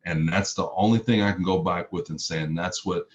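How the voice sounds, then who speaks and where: A man's voice: low voice, moderate pace, slight background noise. A middle-aged man from Chicago telling a personal story in vivid, emotional present tense. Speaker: motivational speaker. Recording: slightly muffled recording.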